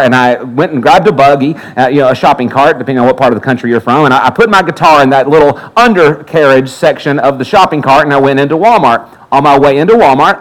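A man's voice: mid-range voice, low-quality recording. A man preaching a sermon, telling a personal story and acting out the other people's lines. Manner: animated storyteller acting out quotes. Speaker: pastor.

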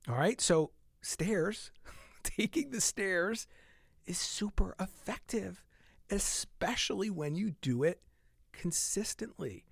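Animated middle-aged man, dry close sound. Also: a little high, no room sound. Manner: animated, laughs often, drops to soft asides. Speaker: fitness podcast host. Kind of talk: casual solo podcast monologue.

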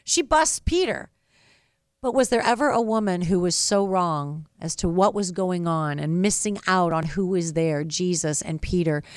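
A woman, a regular contributor, giving an expressive, reflective devotional talk on radio. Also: lowish voice, moderate pace, clear, resonant tone, no echo, studio quality.

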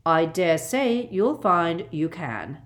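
A woman voicing a stern older female professor in an audiobook, speaking crisply, curtly and a little haughtily. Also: medium pitch, expressive, measured pace, voice pushed up. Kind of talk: audiobook character voice.

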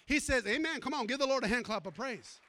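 A male pastor preaching a sermon with a very high, bright, forceful voice. He tells a story and breaks off to call out for amens and praise from the congregation. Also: lively intonation, fast talker.

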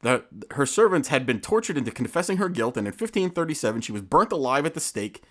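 A male podcast co-host who tells stories in a loose, joking way. His pitch swings widely as he reads through his notes. It is casual chat between friends. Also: sing-song, fast talker. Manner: jokey storytelling, reads from notes.

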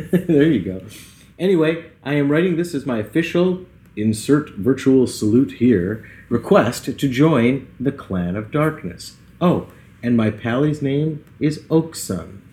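A man co-hosting a casual gaming podcast, his voice at an ordinary middle pitch. He reads listener emails aloud in a relaxed way and laughs at his own slips. The recording carries a roomy echo. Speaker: podcast co-host. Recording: echoey room sound.

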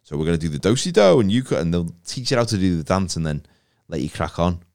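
A man's voice: low voice, very animated, fast, darkish tone. A man, co-hosting a casual comedy chat, rambling and self-deprecating as he tells stories. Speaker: podcast co-host.

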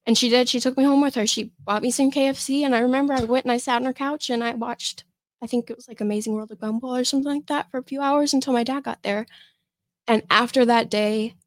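A woman's voice: on the high side, fairly even intonation, no echo. Young woman guest on a podcast, lots of ums and restarts, dead dry sound. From Michigan, USA. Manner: halting, full of fillers and restarts. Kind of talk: personal storytelling in an interview.

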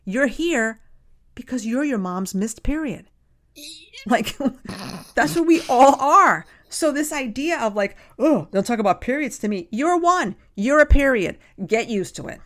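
A woman's voice: high voice, animated, slow, fairly bright tone. Emphatic woman podcast host. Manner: emphatic and persuasive, acting out quoted voices. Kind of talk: casual chat.

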